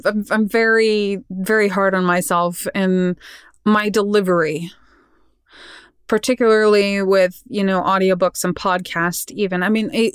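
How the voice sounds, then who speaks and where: A woman voice actor and audiobook narrator chatting casually as an interview guest, animated and self-critical, laughing often. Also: medium pitch, clean tone, no room sound, clean studio sound.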